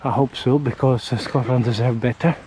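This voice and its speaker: A man's voice: mid-range voice, steady tone, fairly quick, dark tone, low-quality recording. Chatty Italian man rambling on a walk. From Italy. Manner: chatty, rambling, searching for words. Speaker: vlogger. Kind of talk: casual walking vlog. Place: outdoors on a windy residential street. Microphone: camera mic held near the face. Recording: faint wind and traffic noise outdoors.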